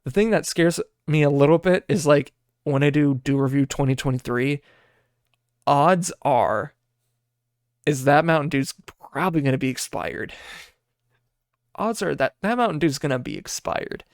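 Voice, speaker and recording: A man's voice: a little high, animated, normal speed, pauses often, dry recording, studio quality. Rambling Midwestern man podcasting. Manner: rambling, swears freely, laughs at himself. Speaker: podcast host. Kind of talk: casual rambling monologue.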